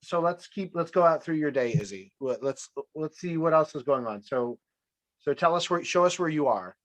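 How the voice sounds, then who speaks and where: A man's voice: fairly high pitch, animated, normal speed, a bit bright, no room sound. A man hosting a game show over a video call, playful, stammering and repeating his words.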